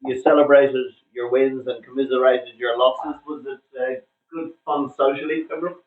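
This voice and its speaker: A man's voice: mid-range voice, flat delivery, moderate pace. Man interviewing for a cricket club. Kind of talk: casual interview. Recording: distant, phone-like, roomy sound.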